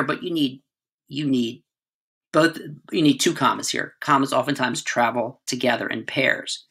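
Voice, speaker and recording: Middle-aged male teacher, bright tone, casual classroom explainer. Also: a little high. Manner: conversational, frequent "right?" and "all right" checks. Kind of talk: writing lesson.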